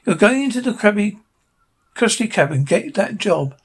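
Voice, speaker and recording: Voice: mid-range voice, big pitch swings, normal speed, breathy edge. A fan reader voicing a pushy male starfish friend in a cartoon retelling.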